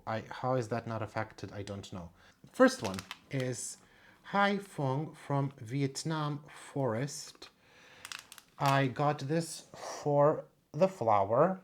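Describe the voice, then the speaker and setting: A plant vlogger talks casually at home, wandering from thought to thought while showing plants one by one. The voice sits at a middle pitch, neither high nor low. The tone stays chatty and unpolished. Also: darkish tone. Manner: chatty, meandering, thinking aloud. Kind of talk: casual show-and-tell vlog.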